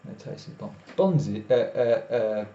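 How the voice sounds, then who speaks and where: A man's voice: lowish voice, expressive, unhurried, dark tone. A tired man, rambling casually as he chats with viewers on a live stream. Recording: echoey room, dull lo-fi sound, faint noise.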